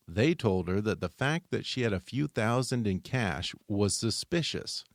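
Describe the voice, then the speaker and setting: A man hosting, reading scripted narration in a measured, dramatic way. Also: on the low side, no room sound, studio quality. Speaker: host.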